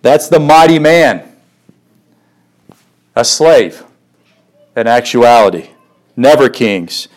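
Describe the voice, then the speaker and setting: A man preaching a sermon as pastor, emphatic and full of rhetorical questions, growing higher and more urgent as he presses a point. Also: lively intonation, slow pace, pauses often, poor audio. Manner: emphatic, rhetorical questions, rises in pitch when stirred.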